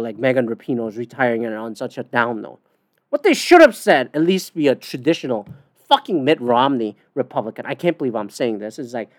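A woman's voice: on the low side, no echo, studio quality. A woman hosting a podcast, ranting bluntly and profanely in casual talk with many fillers. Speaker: podcast host. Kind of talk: casual opinion rant.

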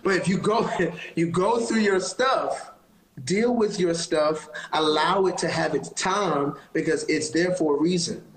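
A man's voice: a little high, a little slow, echoey room, low-quality recording. A man, a gospel singer, talking as a guest on a phone live-stream interview, giving earnest, encouraging, sermon-like advice. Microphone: phone on a live video call.

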